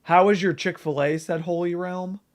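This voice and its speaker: A man hosting a casual livestream, reading viewers' names aloud and chatting in an excitable, profane way. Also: sits high, moderate pace. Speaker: livestream host.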